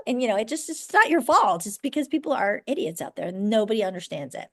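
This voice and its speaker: Blunt woman broker teaching a class. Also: on the high side. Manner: brisk, blunt, checks in with the class. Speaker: real estate broker teaching agents. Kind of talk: live training class.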